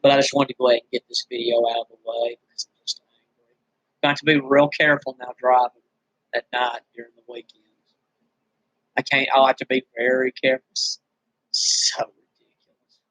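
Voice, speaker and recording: A man vents to his camera in a weary, bitter ramble, his throat dry from screaming. His delivery is flat and monotone, stumbling through restarts. The recording is dry and close, with no room sound. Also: medium pitch, brisk, long pauses, no echo, low-quality recording. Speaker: vlogger. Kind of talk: venting straight to camera.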